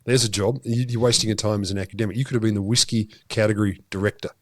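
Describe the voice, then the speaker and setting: An Australian man co-hosting a science podcast, telling stories in an animated, sardonic way with swearing. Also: lowish voice, racing. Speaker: podcast co-host. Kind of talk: casual comedic science chat.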